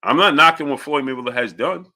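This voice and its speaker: A man hosts a live-stream boxing show, speaking emphatically, repeating his points and greeting chat viewers by name. He talks fast at a medium pitch, bright and forceful.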